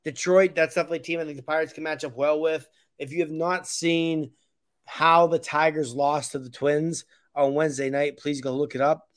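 A man's voice: a little high, steady tone, moderate pace, dry recording, studio quality. A man co-hosting a casual sports podcast, opinionated and blunt, rambling with restarts. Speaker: podcast co-host.

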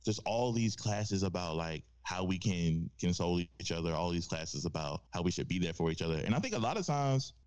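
A man hosting a casual podcast chat, animated and profane, acting out the voices he quotes. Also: deep voice, fairly quick, hardly any pauses, clean tone. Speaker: podcast host. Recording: dull lo-fi sound.

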